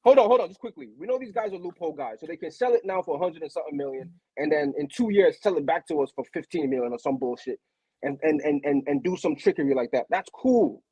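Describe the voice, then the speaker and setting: Argumentative male panelist, rapid pace, slightly high, husky. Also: dry recording, poor audio. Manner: animated, argumentative. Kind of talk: casual chat.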